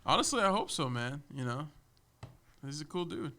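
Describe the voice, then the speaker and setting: A man's voice: a little high, big pitch swings, moderate pace, bright, forceful tone. A young man, a podcast guest, telling funny work stories in casual chat, laughing often and filling talk with "like" and "man". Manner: laughing, loose storytelling with lots of "man" and "like".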